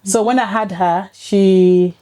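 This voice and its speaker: A woman in her forties, a podcast guest, telling her story in a lively, laughing way. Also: mid-range voice, slow pace. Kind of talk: casual chat, storytelling. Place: podcast studio.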